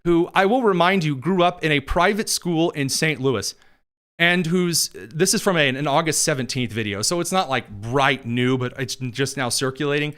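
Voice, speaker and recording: A man's voice: on the high side, expressive, normal speed, a bit bright, smooth. A man hosting a political commentary show, talking in a sarcastic, mocking way with exaggerated emphasis.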